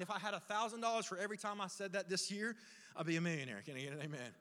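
A middle-aged male pastor preaching a dramatic, impassioned sermon, moving between loud pleas and hushed pauses. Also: high-pitched, clean tone. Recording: long hall reverb.

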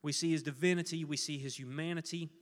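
An earnest male pastor preaches to his congregation, sometimes asking them to repeat a verse back with him. His voice sits a little high for a man. It rings with the long reverb of a church sanctuary. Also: fairly even intonation, fast. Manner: earnest, leads congregation in call-and-response. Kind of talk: sermon.

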